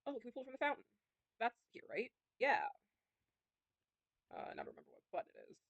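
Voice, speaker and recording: A woman's voice: a little high, wildly swooping pitch, fast talker, gravelly, no echo, lo-fi sound. A woman streamer chatting casually and thinking aloud while playing a game. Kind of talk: casual let's-play commentary.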